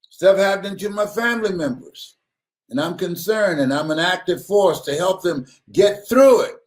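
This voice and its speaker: A man giving a motivational sermon. He laughs often and repeats his words for emphasis. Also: sits high. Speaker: motivational speaker.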